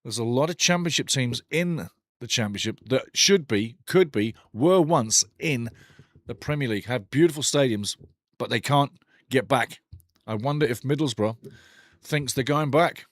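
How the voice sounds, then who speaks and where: A man's voice: mid-range voice, normal speed, fairly bright tone, no room sound, studio quality. Opinionated man ranting over football. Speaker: watch-along host. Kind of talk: live football watch-along commentary.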